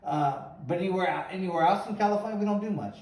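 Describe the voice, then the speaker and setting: A middle-aged man, a former boxer, hosts a casual chat in a high-sitting, darkish voice with vocal fry, talking at a quick pace. He tells rambling stories and acts out what people said. The room is echoey and the mic is at a distance.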